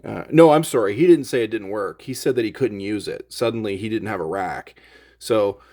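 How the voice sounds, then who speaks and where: Guy, lowish voice, vlog rant, fed-up, talks in loops with lots of ums. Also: fairly quick, mellow. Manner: exasperated, rambling, many fillers and restarts. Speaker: gear vlogger.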